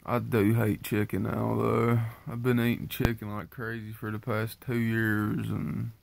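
Unhurried and completely flat, a man's gravelly voice is captured in a dry recording. The vlogger is tired after just waking up, congested from sinus trouble, and gives his viewers a casual, rambling, low-key weight-loss update.

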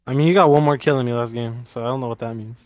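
A young man chatting and trash-talking with friends during an online shooter match, boastful and quick. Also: mid-range voice, steady tone, dry recording, highs cut off. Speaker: gamer. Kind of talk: casual gaming banter with friends. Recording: voice chat over loud game sounds.

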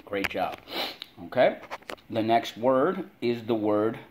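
A man with a fairly low voice leads a lively classroom spelling drill. He calls out words, has the class repeat them, and breaks them slowly into syllables. A faint hiss of noise runs underneath. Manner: energetic call-and-response drilling, stretches words slowly. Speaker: teacher.

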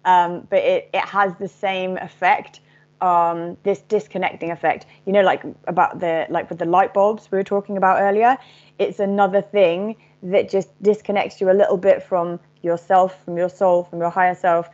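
A woman's voice: on the low side, little pitch movement, moderate pace, a little mellow, dull audio. A woman channeler speaking casually and frankly about spirituality, swearing now and then.

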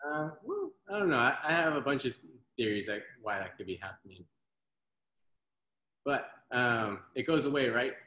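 A man leading an online workout class over a video call, giving brisk, encouraging cues and counting down reps. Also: medium pitch, sing-song, bright, forceful tone. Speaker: fitness instructor. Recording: very echoey room, faint noise.

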